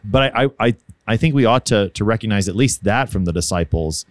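A man's voice: lowish voice, lively intonation, brisk, no echo, studio quality. A man co-hosting a casual Bible discussion, thinking aloud with frequent restarts. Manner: thoughtful, hesitant, with many restarts and light laughs.

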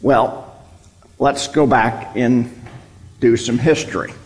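Slow-speaking man teaching scripture in a hall. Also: mid-range voice. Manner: explanatory, repeats key words for emphasis. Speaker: Bible teacher. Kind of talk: Bible study teaching. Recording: long reverb, hall.

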